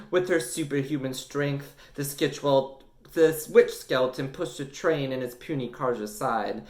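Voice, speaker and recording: A man reading a children's book aloud, narrating with lively drama. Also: medium pitch, reverberant. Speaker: storyteller.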